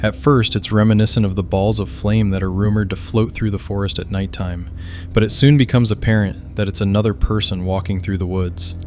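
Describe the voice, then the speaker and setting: A man giving scripted narration of camping encounters in an even, measured storytelling manner. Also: fairly low pitch, a little hiss or hum.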